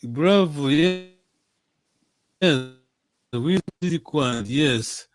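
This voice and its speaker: Guy teaching a class on a video call, kinda high voice, dry sound, keeps saying "yes?" and fixing answers patiently. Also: very slow, no room sound. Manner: patient, corrective, repeats "yes?". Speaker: language teacher. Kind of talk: online language class. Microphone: computer on a video call.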